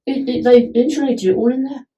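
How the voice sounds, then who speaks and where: Mellow, husky-voiced chatty woman. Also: high-pitched, steady tone, brisk, poor audio. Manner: chatty, enthusiastic, restarts often. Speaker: homeowner giving a testimonial. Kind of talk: casual chat. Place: at home indoors.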